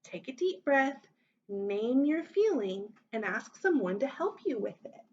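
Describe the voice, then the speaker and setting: A woman teacher reading a children's story aloud, voicing the characters with big expressive lifts in pitch. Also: measured pace, slightly rough, lo-fi sound.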